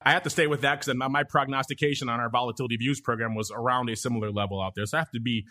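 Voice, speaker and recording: A man's voice: mid-range voice, steady tone, very fast, bright, forceful tone. A man hosting a casual finance podcast, upbeat and reading listener questions aloud. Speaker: podcast host.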